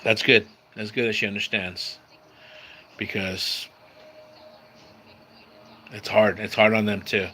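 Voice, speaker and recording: Laid-back man, sharp voice. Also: on the low side, level tone, slow, pauses often, a little hiss or hum. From San Diego, California. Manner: laid-back, says bro and dude a lot. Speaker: livestream host. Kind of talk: casual live-stream chat with viewers. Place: at home near a screen door.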